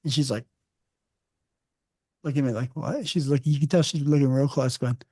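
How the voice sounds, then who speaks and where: A male podcast host in a casual interview, telling relaxed stories with jokes. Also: mid-range voice, fairly quick, dry recording, studio quality. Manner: relaxed storyteller who jokes.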